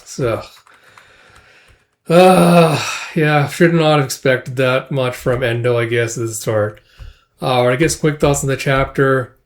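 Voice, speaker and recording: A man's voice: medium pitch, steady tone, normal speed. A man giving a casual, rambling review of a manga chapter, full of filler words and loose run-on thoughts. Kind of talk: casual recap and commentary.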